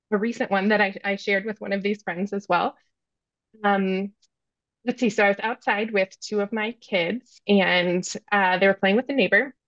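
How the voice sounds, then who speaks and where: Thirtysomething mom on a podcast, telling it straight with lots of likes and ums, dry kinda dull lo-fi audio. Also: female voice, medium pitch, dry recording. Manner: frank, self-reflective, many fillers. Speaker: podcast guest. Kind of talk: candid storytelling.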